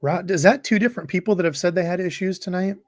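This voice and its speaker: A man's voice: sits high, quick pace, no room sound, studio quality. A man hosting a fishing livestream, rambling casually and reading viewer comments aloud. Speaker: fishing channel host.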